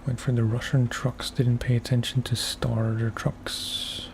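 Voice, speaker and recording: A man streaming a game for relaxation, talking softly in unhurried, musing asides. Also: mid-range voice, level tone, creaky, noisy background. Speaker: gaming ASMR streamer. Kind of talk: soft-spoken gameplay commentary.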